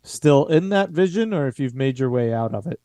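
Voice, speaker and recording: Man, game master, tabletop narration, measured, dry sound. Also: mid-range voice, animated, dark tone, no room sound. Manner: measured, descriptive.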